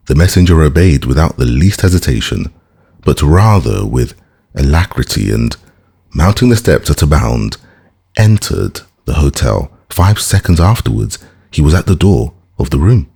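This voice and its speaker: A man narrating a classic novel audiobook in a steady, formal storytelling manner. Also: very deep voice, moderate pace, gravelly, breathy edge.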